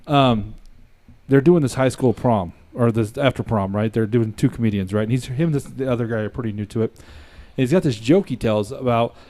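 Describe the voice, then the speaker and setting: A man hosts a laid-back podcast chat in a warm, mellow voice at a middling pitch. He jokes easily and laughs along with his guest while telling his own story. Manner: joking, quick to laugh. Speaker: podcast host.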